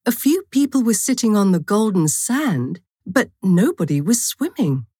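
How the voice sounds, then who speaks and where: A woman narrating a short story for a language course in a clear, measured storytelling manner. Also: medium pitch, very animated, warm tone, no echo, studio quality.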